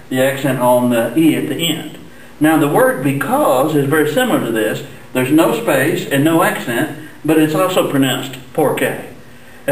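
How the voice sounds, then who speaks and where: Male teacher with a somewhat high voice, giving a patient Spanish lesson, recorded from across an echoey classroom. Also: recorded from a distance. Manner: patient, explains step by step, slows for Spanish examples. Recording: echoey room, voice off-mic.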